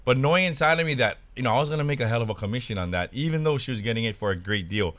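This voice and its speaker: A man co-hosting a casual podcast, telling stories in an animated way and saying "dude" a lot. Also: mid-range voice, rapid-fire, dry recording. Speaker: podcast co-host. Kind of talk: casual chat. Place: Hawaii.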